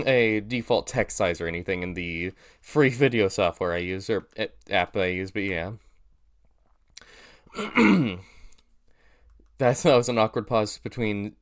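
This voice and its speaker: A young YouTuber reacts to his old video, rambling casually with many fillers and restarts while poking fun at himself. His voice is low, smooth, and nasal.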